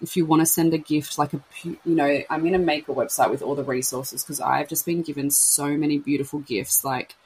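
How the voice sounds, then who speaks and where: A woman's voice: low-pitched, steady tone, a little fast, hardly any pauses, a little mellow, slightly rough, poor audio. A woman talks candidly about baby loss, rambling and acting out what her friends said. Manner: emotional, rambling, acts out quoted friends. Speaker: podcast host sharing her baby loss. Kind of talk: candid casual chat.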